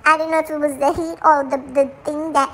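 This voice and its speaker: A woman's voice: level tone, quick pace, a little hiss or hum. A woman voicing a small, jealous, dramatic female chihuahua who chats away and switches between English and Spanish. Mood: complaining. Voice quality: very high, bright dog voice.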